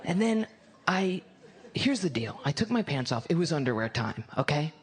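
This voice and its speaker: A woman's voice: deep voice, very animated, moderate pace. A woman comedian doing a stand-up routine on a club stage, telling a crude story in a rambling, self-interrupting way. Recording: live club recording with audience noise.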